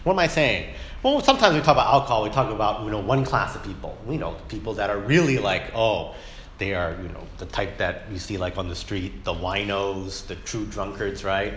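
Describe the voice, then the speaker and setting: A man's voice: lowish voice, lively intonation, brisk, fairly bright tone, a little hiss or hum. A man teaching a Sunday school Bible lesson in a conversational way, often asking "right?" and acting out imagined speakers. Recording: echoey room.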